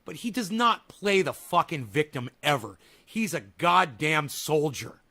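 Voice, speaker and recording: High bright-voiced man ranting sarcastically. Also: very animated, a little slow. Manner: sarcastic, swings into yelling rants. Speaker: streamer reacting to a video. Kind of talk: casual reaction commentary.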